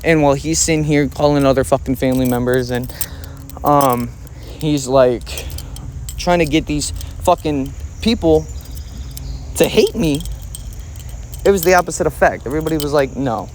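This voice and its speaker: A man's voice: a little high, normal speed, long pauses, darkish tone, slight background noise. A man in a casual storytime monologue, angry, heavily profane and emphatic as he tells a family story.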